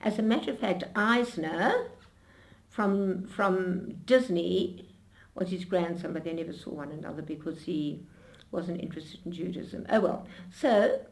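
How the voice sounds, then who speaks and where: An older woman being interviewed, telling her memories in an animated storytelling way with frequent restarts. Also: lowish voice, a little slow, vocal fry.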